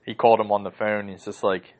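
A man's voice: fairly low pitch, level tone, fast, darkish tone. A man hosting a podcast from home, ranting casually and heatedly, swearing often and rambling through lots of fillers. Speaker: podcast host. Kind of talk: casual rant.

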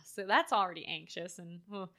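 A woman co-hosting a casual chat, animated and full of filler words, acting out quoted lines as she talks. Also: on the low side, normal speed, gravelly. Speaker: podcast co-host. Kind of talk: casual chat reviewing a horror film.

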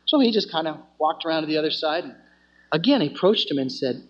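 A man's voice: fairly high pitch, very animated, a little fast, husky. A man teaching a student fellowship, telling stories in an earnest sermon style and often restarting his phrases. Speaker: campus ministry teacher. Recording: dull lo-fi recording.

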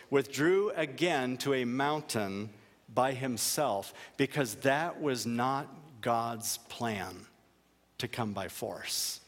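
A man's voice: medium pitch, lively intonation, takes it slowly, a bit bright, big-room sound. A male pastor delivering a sermon in an earnest, emphatic way, repeating key phrases for weight.

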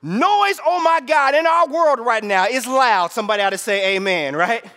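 Male preacher, sermon, very high voice, bright and sharp, keeps asking "right?", long hall reverb. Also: animated, moderate pace. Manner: call-and-response, repeats "right?" often, swings from shouts to hushed asides. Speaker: pastor.

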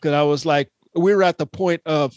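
A man's voice: on the high side, fairly even intonation, brisk, darkish tone, no echo. A man co-hosting a casual chat, telling stories animatedly and laughing often. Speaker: podcast co-host.

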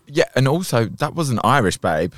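A man's voice: mid-range voice, very animated, normal speed, a bit bright, a little hiss or hum. A man co-hosting a podcast in casual chat, frank and teasing, laughing often. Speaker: podcast co-host.

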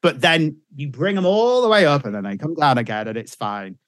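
Animated radio man. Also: on the high side, a little fast, dry recording, studio quality. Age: middle-aged. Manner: animated storyteller, swears freely. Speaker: radio presenter, guest. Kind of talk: casual chat.

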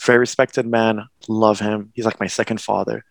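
Young guy with a gravelly voice telling a story, rambles and restarts, dry close sound. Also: lowish voice, level tone, moderate pace, no room sound. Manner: rambling, with restarts and nervous laughs. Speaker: guest. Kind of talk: casual conversation, personal story.

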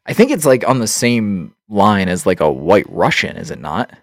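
A man's voice: fairly low pitch, sing-song, normal speed, no room sound, studio quality. Laid-back swearing male podcast host. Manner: loose and profane, laughs often. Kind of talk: casual chat.

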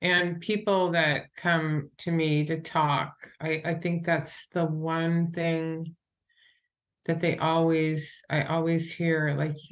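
Lively woman guest telling stories. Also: deep voice, slow. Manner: animated storyteller who acts out quoted voices and laughs. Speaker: author and sobriety coach, podcast guest. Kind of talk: conversational interview.

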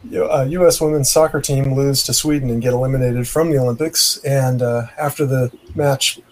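Male podcast co-host, mid pitch, easygoing, short remarks. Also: fairly even intonation, fairly quick, a little mellow, a little hiss or hum. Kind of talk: casual chat.

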